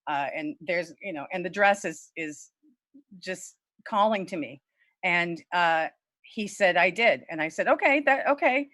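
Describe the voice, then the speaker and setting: Animated, frank middle-aged woman storyteller. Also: unhurried, no room sound. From Lafayette, Louisiana. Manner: animated, candid, swears freely, voice leaps high when quoting herself. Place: home, virtual event. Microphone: video call.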